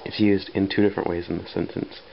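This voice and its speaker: A man with a very low, gravelly voice explains grammar slowly and patiently. The recording is dull and lo-fi, with a faint hiss behind him. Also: level tone. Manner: unhurried, with pauses and fillers. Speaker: English teacher.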